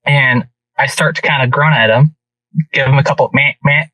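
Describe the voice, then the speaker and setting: Man guest, casual storyteller with frequent restarts, bright and a little distant from the mic. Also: medium pitch, brisk, no echo. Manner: animated hunting story with many restarts. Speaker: podcast guest.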